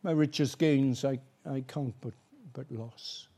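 A man's voice: medium pitch, steady tone, unhurried, warm tone. A male preacher giving an earnest, pleading evangelistic sermon, acting out little everyday dialogues.

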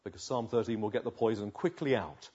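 A man preaching a sermon, swinging from loud urging to hushed, slow pleading. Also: lowish voice, slightly rough. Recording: dull lo-fi recording.

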